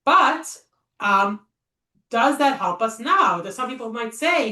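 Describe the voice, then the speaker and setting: A woman with a slightly high, bright, forceful voice speaks slowly but very animatedly while leading an informal Torah text study class. She is chatty and thinks aloud, using many fillers and rhetorical questions. The room echoes, and she sits a bit far from the mic.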